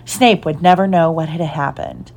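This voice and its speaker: Expressive woman reading a storybook. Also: low-pitched, moderate pace. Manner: animated, expressive. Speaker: reader.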